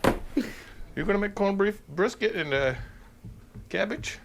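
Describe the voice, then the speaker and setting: A man's voice: sits high, expressive, takes it slowly, creaky, noisy background. A man hosting a home cooking video, demonstrating a recipe in a jokey, hammy, rambling way.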